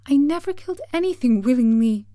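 A woman reading an audiobook voices a young girl who is distressed and pleading, her voice raised high and upset. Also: expressive, measured pace, no room sound, studio quality, lightly acted. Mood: tearful.

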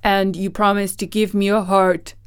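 A woman voicing a forceful, impatient tin man in a storybook reading, speaking emphatically. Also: medium pitch, flat delivery, moderate pace, clear, resonant tone, no room sound, studio quality, lightly acted.

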